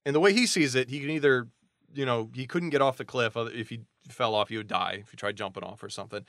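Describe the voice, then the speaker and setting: A man's voice: mid-range voice, fairly bright tone, no room sound. Guy recapping a book on a podcast, chatty, dry close sound. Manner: chatty retelling with quick voiced asides. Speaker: podcast co-host recapping a novel. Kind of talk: casual chat.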